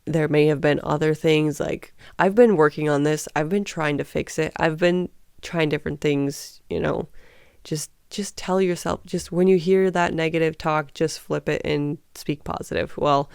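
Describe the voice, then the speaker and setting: A woman in her thirties tells a personal story, chatty and candid. Her voice is smooth with a gravelly fry at the ends of phrases. The sound is dry and close, with no room echo. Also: deep voice, fairly even intonation, moderate pace, a little mellow. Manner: chatty, candid, with frequent fillers and laughs. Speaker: vlogger.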